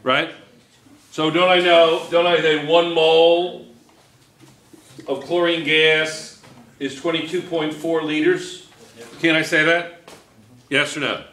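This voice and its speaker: A man's voice: on the high side, level tone, takes it slowly, long pauses, fairly bright tone. A man teaching a chemistry review class, coaxing students with question after question. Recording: echoey classroom.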